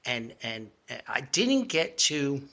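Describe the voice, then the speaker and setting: A man's voice: mid-range voice, very animated, slow pace, sharp tone. An older man from Paterson with a New Jersey accent, hosting a podcast in a rambling, chatty monologue full of asides and chuckles. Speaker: podcast host. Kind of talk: casual nostalgic monologue.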